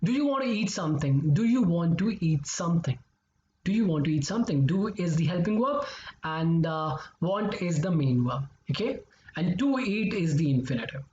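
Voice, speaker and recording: A man's voice: on the high side, expressive, moderate pace, a little mellow, a little hiss or hum. A male English teacher explaining grammar step by step. He repeats his examples and keeps checking in with "okay?" and "right?". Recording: echoey, slightly dull recording.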